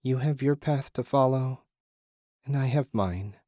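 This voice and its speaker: A man voicing a calm disembodied female spirit who speaks quietly and slowly. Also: mid-range voice, no echo, clean studio sound, voice pushed up, lightly acted.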